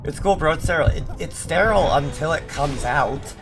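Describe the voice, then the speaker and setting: A man's voice: on the high side, animated, brisk. A man streaming gameplay, chatting in a sarcastic, joking way with rambling asides. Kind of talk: live gameplay commentary. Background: game music.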